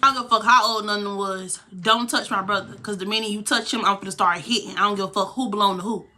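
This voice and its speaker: A woman's voice: medium pitch, steady tone, fast talker, bright, forceful tone. A young woman vlogger telling a heated, profane story from her own life. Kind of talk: storytime vlog.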